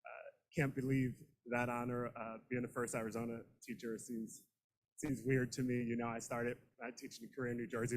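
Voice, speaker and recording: A middle-aged man, a teacher, giving an unscripted, emotional acceptance speech into a handheld microphone, halting and repeating words. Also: mid-range voice, a little mellow, rough recording. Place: room full of students and colleagues.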